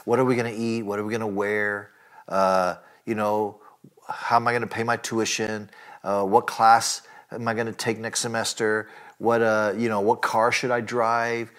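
A man preaching a sermon, earnest and emphatic, often asking his listeners direct questions and filling pauses with "uh" and "you know". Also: lowish voice, little pitch movement, fairly bright tone. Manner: earnest preaching with rising emphatic lines and frequent fillers. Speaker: pastor.

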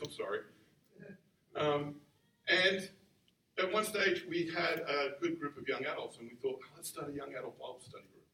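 A pastor in his forties tells a personal story from the pulpit in an easy, animated, self-deprecating way. His voice sits a little high and carries through a reverberant hall from a distant mic, with a faint hiss of room noise beneath. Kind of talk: storytelling sermon.

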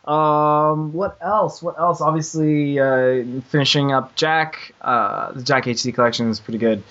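A man's voice: a little high, unhurried, fairly bright tone, dull audio. A man hosting a casual gaming podcast, rambling, laughing often and swearing freely. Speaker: podcast host.

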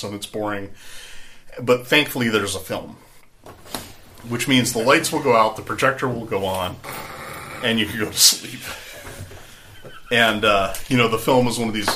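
A man's voice: lowish voice, sharp tone, slight background noise. A man narrating a tabletop game as game master, rambling and conversational, with many fillers.

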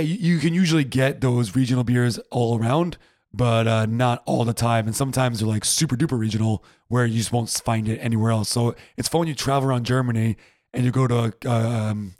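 A man's voice: mid-range voice, steady tone, fairly quick, a little mellow, no echo, clean studio sound. A man co-hosting a casual podcast, easygoing and upbeat. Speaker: podcast co-host. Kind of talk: casual chat.

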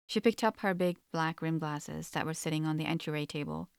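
Low-voiced woman reading a story. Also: a little fast, clear, resonant tone, dry recording, studio quality. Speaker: narrator. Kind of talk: audiobook narration.

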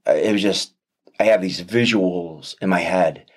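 Deep-voiced man sharing a heartfelt story. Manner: earnest, reflective, speaks with many pauses and restarts. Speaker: interview guest, father. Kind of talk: heartfelt personal testimony in an interview.

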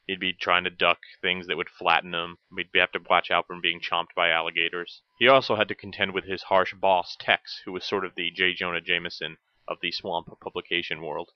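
A man narrates a scripted look back at old cartoons, his voice low and deep. He slips in wry, dry jokes between the facts. The recording is close and dry, with a slightly dull, lo-fi tone. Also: fairly even intonation, moderate pace, hardly any pauses, no echo. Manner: wry, with dry joking asides. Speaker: host.

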